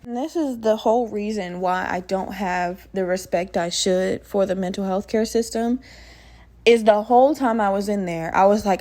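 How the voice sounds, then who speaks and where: A young woman hosting a podcast, telling a personal story in a blunt, profane, animated way with bursts of laughter. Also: medium pitch, normal speed. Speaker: podcast host. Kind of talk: casual storytelling monologue.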